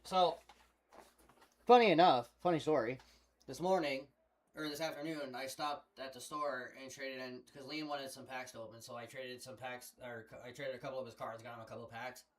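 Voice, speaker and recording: A man tells meandering, profanity-laced stories in casual chat as he plays a game on stream, using a headset mic. He speaks at a moderate pace, his medium-pitched voice holding a steady tone. The audio is low quality.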